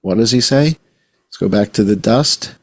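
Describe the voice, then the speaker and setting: Male podcast guest, husky and gravelly, lively storyteller with casual swearing. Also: on the low side, normal speed. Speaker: guest journalist. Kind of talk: podcast conversation.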